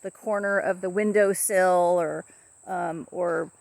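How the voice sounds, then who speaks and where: A woman casually talking to camera about her pet parrot, rambling softly with many fillers and restarts. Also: on the low side, steady tone, slow, creaky, no room sound.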